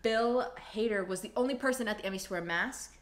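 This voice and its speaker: A woman co-hosting a podcast, sharing news in quick, opinionated casual banter. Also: on the high side. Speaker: podcast co-host. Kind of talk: casual chat.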